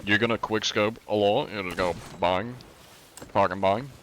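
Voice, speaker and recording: Low-voiced young guy rambling on stream, cursing, quiet room noise behind. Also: moderate pace. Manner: rambling, swears a lot, laughs at his own stumbles. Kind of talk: casual gameplay streaming.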